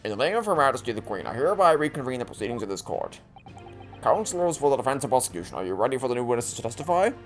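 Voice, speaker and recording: A man voicing a formal, measured male judge in a video game. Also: medium pitch, sing-song, soft background music, natural voice. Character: stately old male court judge.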